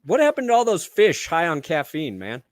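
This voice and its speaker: A man's voice: a little high, huge pitch swings, moderate pace, dry recording. A man co-hosting a casual sports podcast, teasing his partner in dry, slangy banter. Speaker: podcast co-host.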